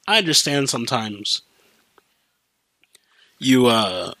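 A man's voice: medium pitch, big pitch swings, slow, sharp tone, no room sound. Brief: young guy, podcast host, rambling and profane, dry close sound. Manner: rambling, profane, lots of fillers and restarts. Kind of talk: casual storytelling chat.

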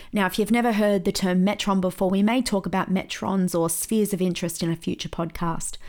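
A woman pastor hosting a podcast, teaching through lively stories and laughing at the tale she tells. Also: medium pitch. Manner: lively storyteller, laughs at her own story.

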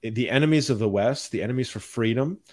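A man's voice: medium pitch, fast. A man hosting a podcast, talking politics in an indignant, questioning way, with lots of fillers. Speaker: podcast host.

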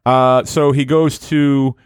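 A man's voice: medium pitch, flat delivery, takes it slowly, smooth, dry recording, studio quality. A man co-hosting a casual comedic podcast chat, rambling and searching for words with lots of fillers. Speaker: podcast co-host.

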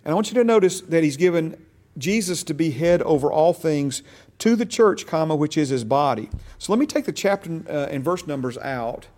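A man leads a Bible class in a relaxed, conversational teaching style. His voice sits a little on the high side. He repeats key phrases for emphasis and keeps checking that his listeners are following him. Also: moderate pace.

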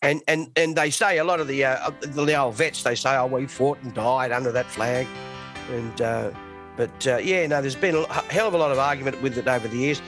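A man's voice: mid-range voice, fairly quick, fairly bright tone, faint music behind. A man with an Australian accent co-hosting a podcast over a video call, talking in blunt, joking banter full of swearing. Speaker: podcast co-host. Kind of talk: casual podcast chat.

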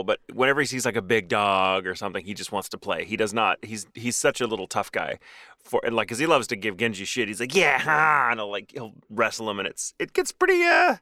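A man co-hosting a podcast in relaxed chat. His voice moves a lot in pitch and sounds bright, recorded dry and close. He swears freely and often laughs. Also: no echo. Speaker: podcast co-host. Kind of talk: casual chat.

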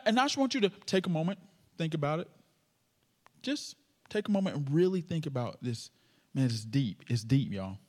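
A man preaching a sermon with a stutter, joking playfully with the congregation. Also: on the high side. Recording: long hall reverb.

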